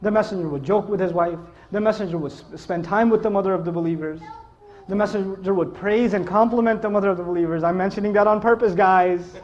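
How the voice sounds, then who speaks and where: A man giving a lively, joking lecture to a live audience, telling stories and laughing often. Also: high voice, fast, highs cut off, a little hiss or hum. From Pakistan. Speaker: Islamic speaker.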